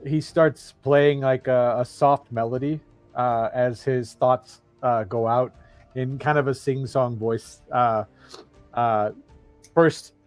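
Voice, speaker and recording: A man's voice: mid-range voice, fairly even intonation, takes it slowly, faint music behind. A man playing in a tabletop game, chatting casually and hesitating with fillers. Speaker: player.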